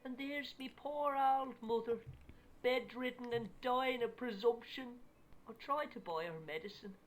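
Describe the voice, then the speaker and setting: Woman playing a scrappy Irish lad, cheeky, tall-tale telling, slow-talking, fairly high voice. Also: close to an everyday voice. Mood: pleading tale. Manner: defiant, tall-tale spinning. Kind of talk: video game voice acting.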